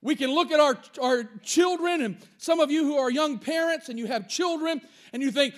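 Pastor, male, very high voice, emphatic sermon delivery with repeated words for stress. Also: moderate pace, hardly any pauses.

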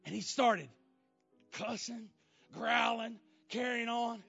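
A man preaching a sermon as a story, moving between loud exclamations and hushed, emotional lines. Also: takes it slowly, vocal fry, husky. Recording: muffled low-fi sound with faint music.

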